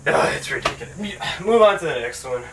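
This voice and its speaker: A man's voice: a little high, expressive, a little fast, creaky, fairly bright tone, far from the mic, a little hiss or hum, low-quality recording. A man hosting his own channel, ranting through a sarcastic, profanity-heavy casual movie review. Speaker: film reviewer, channel host.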